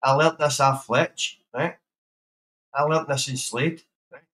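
A man's voice: fairly high pitch, steady tone, slow, a bit bright, rough recording. A man hosting a livestream, chatting casually, swearing and laughing as he hands out blunt advice. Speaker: livestream host.

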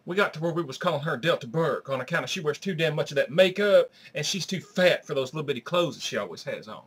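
A man's voice: a little high, lively intonation, fast, fairly bright tone, breathy edge. A man doing brash auntie Charlene. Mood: gossipy. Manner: crude, gossipy, brash. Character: brassy crude Southern middle-aged woman, Aunt Charlene. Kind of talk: comedy sketch character.

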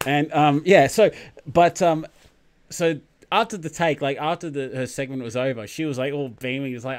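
A man's voice: fairly high pitch, moderate pace. Rambling Australian man, casual host. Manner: rambling, laughs often, many fillers. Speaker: host of a live chat show. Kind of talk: casual live chat.

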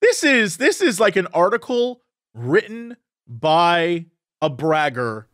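Lively high-voiced man ranting on a podcast. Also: takes it slowly, no echo, studio quality. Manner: animated, opinionated ranting. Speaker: podcast co-host. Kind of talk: casual chat.

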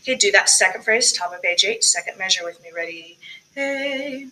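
A woman's voice: mid-range voice, fairly even intonation, fast talker, bright, forceful tone, low-quality recording. A woman directing a choir rehearsal, explaining diction and breathing and singing short phrases to demonstrate. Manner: coaching, demonstrating sung phrases between spoken tips. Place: recorded alone for virtual choir practice.

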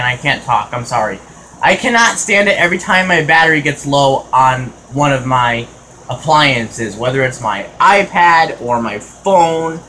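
A man's voice: fairly high pitch, sharp tone, slight background noise, poor audio. A man ranting casually to his own vlog channel in an exasperated, repetitive way, full of "you know" fillers, recorded on a phone. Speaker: vlogger.

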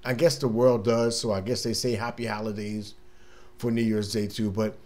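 A man's voice: lowish voice, level tone, moderate pace, darkish tone. A man hosting a casual radio talk monologue, laid-back and chatty, often laughing and acting out little scenes from his day. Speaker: radio show host.

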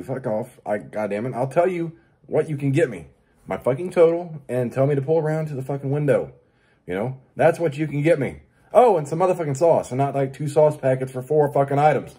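On his own show, the host tears into everyday irritations in a crude, swear-laden rant, mimicking other people in a high-pitched voice. He sounds animated and a little fast, with a mellow, husky quality.

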